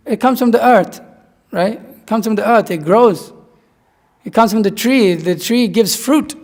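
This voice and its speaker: High gravelly man teaching. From Nepal. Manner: rambling, repeats himself for emphasis. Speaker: spiritual teacher. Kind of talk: conversational scripture class. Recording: long reverb in a hall.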